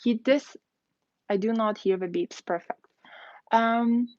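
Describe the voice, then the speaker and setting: A woman's voice: on the high side, takes it slowly, a little mellow, no echo, dull audio. A woman streaming live, giving blunt dating advice in a chatty, casual way, full of "like" and "you know". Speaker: dating coach. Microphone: phone.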